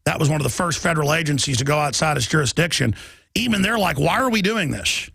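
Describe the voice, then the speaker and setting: A middle-aged man hosting a talk radio show, ranting in a heated, rapid political monologue. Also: on the high side, lively intonation, vocal fry, sharp tone, husky, no room sound.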